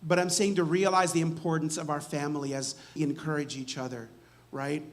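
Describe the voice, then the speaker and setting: Male preacher with a lightly high voice, chatty sermon delivery, frequent "right?" asides. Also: fairly even intonation, brisk. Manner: conversational, repeats words and asks "right?" often. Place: church sanctuary.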